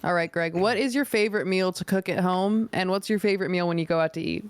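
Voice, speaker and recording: A podcast host leading a casual chat, chatty and quick to laugh. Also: mid-range voice, clear, resonant tone, no room sound.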